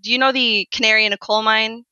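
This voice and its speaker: A woman from Ireland with an Irish accent, a podcast guest who talks in a lively, playful way and laughs often. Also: on the high side, clean tone, no echo, muffled recording. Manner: lively and quick to laugh, uses playful examples. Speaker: podcast guest, game studio founder. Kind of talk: conversational interview.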